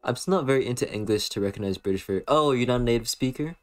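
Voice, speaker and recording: A man's voice: mid-range voice, quick pace, soft background music. A young man with an American accent, chatting casually on a stream and answering chat in a rambling, playful way, full of fillers. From western United States.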